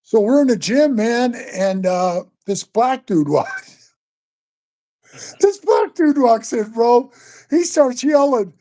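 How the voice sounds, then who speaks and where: A man in his sixties, a guest storyteller, spins tall stories in a loose, casual chat, swearing freely and constantly calling the listener bro and man. His voice is very high-pitched and animated, and he takes his time.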